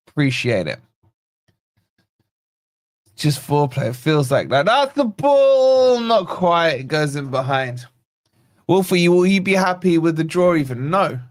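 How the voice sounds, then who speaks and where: A man hosting a live football watch-along, calling the play and greeting viewers by name in a chatty, excitable way. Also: medium pitch, no echo, studio quality. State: yawning, tired. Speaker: fan channel host.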